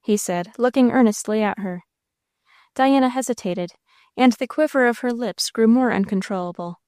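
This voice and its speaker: A woman narrator giving a measured, expressive reading of a classic novel into a close mic. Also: fairly high pitch, smooth, no room sound. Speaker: audiobook narrator.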